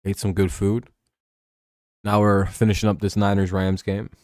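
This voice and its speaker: A man's voice: fairly low pitch, level tone, moderate pace, a little mellow, no echo, clean studio sound. A sleepy man hosting a live stream, rambling, joking and swearing as he calls a football game. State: tired and yawning. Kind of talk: casual game watch-along commentary.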